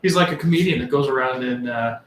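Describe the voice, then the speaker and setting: A mid-pitched man co-hosts a casual podcast, rambling with fillers and false starts. The room sounds echoey, with a faint layer of background noise. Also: fast. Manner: rambling, hesitant, lots of fillers. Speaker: podcast co-host. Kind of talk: casual chat.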